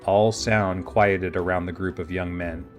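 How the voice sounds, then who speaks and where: A man with a lowish voice reads a fantasy audiobook in a steady, measured way. Faint music runs underneath his narration.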